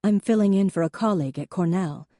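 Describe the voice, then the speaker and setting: A woman's voice: mid-range voice, fast, dark tone, dry recording, clean studio sound, pitched above the performer's own voice, close to an everyday voice. A woman voicing a refined, poised female professor who speaks in a genteel, formal way.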